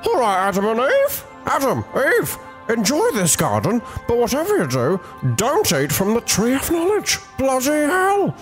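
A man's voice: very high-pitched, huge pitch swings, unhurried, soft background music, pitched above the performer's own voice, heavily acted. A man impersonating an exasperated comedian. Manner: exasperated, keeps saying "bloody hell". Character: impression of a grumbling male comedian. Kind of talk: comic impression in a sketch.

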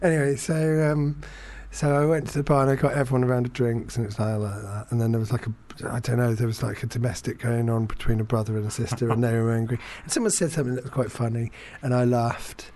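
A man's voice: mid-range voice, steady tone, fast talker, hardly any pauses, dark tone. A man, telling a rambling, self-deprecating story in casual chat, full of fillers and restarts. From England.

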